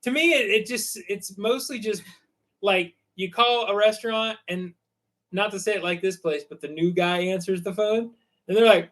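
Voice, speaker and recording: A man with a slightly higher voice, co-hosting a casual chat. He retells stories with energy and acts out other people's lines as he goes. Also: normal speed, fairly bright tone, poor audio. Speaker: co-host.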